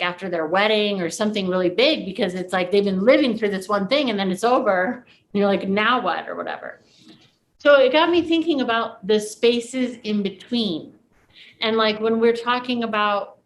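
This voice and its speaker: A woman's voice: mid-range voice, rough recording. A woman talking with a student in a casual, reflective coaching style, with many filler words.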